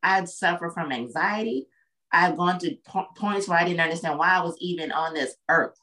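A woman's voice: fairly low pitch, normal speed, sharp tone, low-quality recording. A woman guest on a podcast, talking in an earnest, reflective way and often checking in with the listener. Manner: reflective, earnest, frequent "you know what I'm saying". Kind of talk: casual chat.

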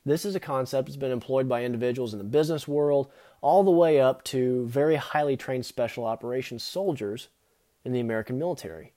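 Man, podcast host, mellow warm voice, earnest motivational monologue. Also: mid-range voice, fairly quick. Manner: earnest, speaks straight to the listener with repeated second-person questions.

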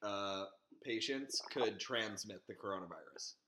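A young man co-hosting a casual podcast, cutting in with quick comebacks and reading out funny quotes. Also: on the low side, sharp tone. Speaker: podcast co-host.

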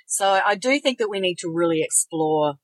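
A woman's voice: on the low side, animated, moderate pace, no echo, low-quality recording. A middle-aged woman co-hosting a conversational podcast, reflective and sharing her own experiences. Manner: reflective, shares personal experience. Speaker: podcast co-host.

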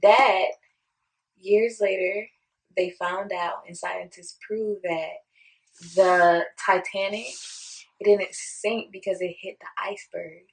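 A woman's voice: medium pitch, fairly even intonation, slow pace, low-quality recording. A woman co-hosting a podcast, casual, blunt and joking. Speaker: podcast co-host.

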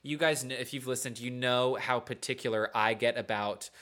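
Bright, animated male storyteller. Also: normal speed. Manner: animated, jokey storytelling with squealing pitch jumps. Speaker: podcast co-host. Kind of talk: casual chat retelling a book.

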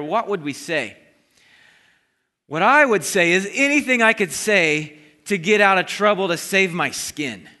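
A man preaching a sermon, retelling a Bible story in a lively storytelling way and briefly acting out the voices of the crowd. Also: high voice. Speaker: pastor. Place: church sanctuary. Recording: long hall reverb.

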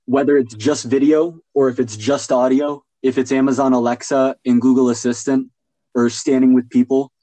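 A man's voice: mid-range voice, little pitch movement, normal speed, warm tone, low-quality recording. A man hosting a casual podcast conversation, talking with enthusiasm and thinking aloud. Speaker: podcast host.

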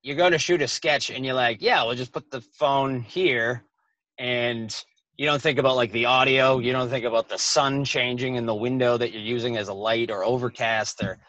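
This brisk speaker has a mid-range voice, fairly even intonation, and a sharp tone, recorded dry. He's a comedian guest in his 20s on a casual podcast, rambling through lots of "like"s and swearing in a thick accent. The audio feels dull and lo-fi, in a dead, dry space.

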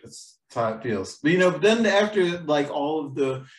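A man's voice: fairly high pitch, expressive, normal speed, reverberant, distant mic, rough recording. A man co-hosting a casual chat about screenwriting, rambling with many fillers and restarts. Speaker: podcast co-host, screenwriter.

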